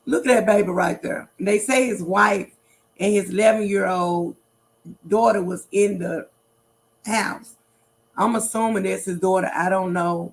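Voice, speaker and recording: Woman, middle-aged, gravelly voice, casual livestream talk, repeats herself, emphatic, talks to viewers. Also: medium pitch. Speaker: livestream host.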